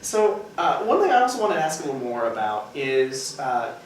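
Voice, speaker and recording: An interviewer asking casual follow-up questions in a friendly, laughing way, with quick nods of agreement. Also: mid-range voice, sing-song. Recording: very echoey room, distant mic, faint noise.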